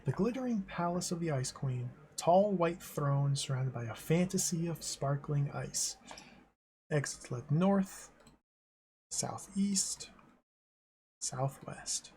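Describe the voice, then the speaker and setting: A man's voice: fairly high pitch, expressive, slow pace, dark tone, a little hiss or hum. Man reading a text adventure aloud. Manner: playful, amused commentary. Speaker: streamer.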